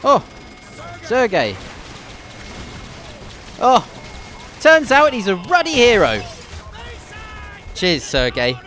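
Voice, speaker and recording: Brief: male host, casual jokey game commentary with history, animated intonation. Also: sits high, drawn-out words, long pauses, a little hiss or hum. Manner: chatty and jokey, with dry asides. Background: game gunfire and faint music.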